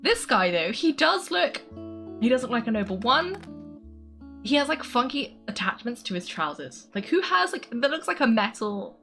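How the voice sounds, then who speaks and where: Young woman gaming streamer, high bouncy voice, giggly and chatty, soft music underneath. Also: very animated, normal speed. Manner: giggly and chatty, laughs often. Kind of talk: casual game commentary.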